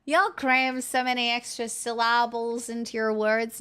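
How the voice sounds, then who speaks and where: A woman with an Australian accent chats casually with her live stream audience. Her voice sits a little on the high side, and she talks at an unhurried pace. She is playful and jokey, laughing often. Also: level tone, fairly bright tone, smooth. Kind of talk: casual chat with viewers.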